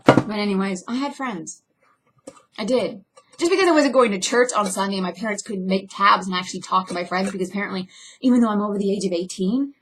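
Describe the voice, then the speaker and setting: A young woman, an actress, speaking bluntly and intensely in an emotional personal vlog monologue, with sudden swings between loud and soft. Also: mid-range voice, fast talker. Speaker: actress and filmmaker.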